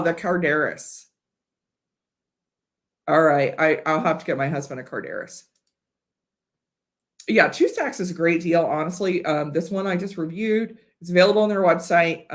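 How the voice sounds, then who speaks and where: A woman from Ohio hosting a casual whiskey livestream, chatty and rambling with fillers and restarts, a bit tipsy. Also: deep voice. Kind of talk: casual live-stream chat. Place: home studio.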